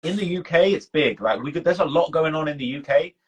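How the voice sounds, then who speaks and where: Hosting a relaxed live stream, this UK documentary channel host talks fast and expressively in a slightly rough, somewhat high voice with a British accent. His speech is slangy and loose, packed with fillers and false starts. The recording quality is rough.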